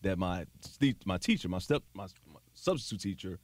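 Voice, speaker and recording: A man's voice: sits low, expressive, normal speed. A man co-hosting a podcast who teases the others and prods them with questions. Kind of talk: casual podcast chat.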